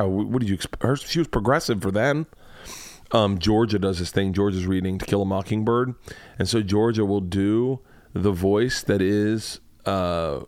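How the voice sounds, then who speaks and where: A man's voice: lowish voice, darkish tone, no echo, clean studio sound. Profane rambling man hosting a podcast. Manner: profane, rambling, quick asides. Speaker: podcast host and comedian. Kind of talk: casual comedy podcast rant.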